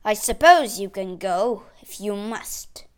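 A man's voice: high voice, expressive, normal speed. A woman voicing a proud, grumpy emperor who speaks curtly and crossly. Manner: curt, cross.

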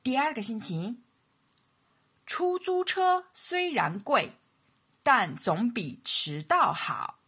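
A woman with a Mandarin Chinese accent teaching an English lesson, saying each model sentence slowly and repeating it for learners. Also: on the high side, sing-song, a bit bright, husky. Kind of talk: language lesson narration.

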